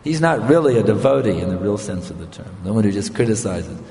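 A man's voice: fairly low pitch, expressive, fast talker, warm tone. An older man giving a storytelling sermon as a spiritual teacher, speaking conversationally and often checking in with his listeners. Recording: long reverb of a hall.

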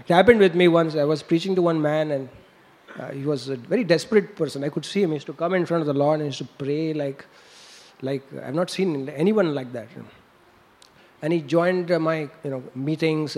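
A man's voice: fairly high pitch, darkish tone. A man preaching, telling a story with laughs and sound effects. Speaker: monk preacher. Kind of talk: storytelling sermon.

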